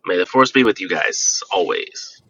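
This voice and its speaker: Caller type: lowish, bright-voiced man from Georgia, loose and rambling, heard from a distance off the mic. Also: moderate pace, slightly rough. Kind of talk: casual phone-in chat.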